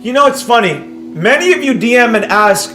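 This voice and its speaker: A man streaming live as a trading educator, reading viewer comments and talking straight to the audience in a brash, boastful way that jumps loud when he gets excited. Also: very high voice, normal speed. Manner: animated, bursts up loudly when excited. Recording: roomy sound with faint music behind.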